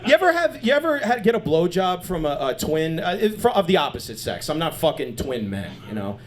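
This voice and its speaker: A man doing stand-up comedy on a club stage, animated and crude, chatting with the crowd. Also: a little high, a little fast.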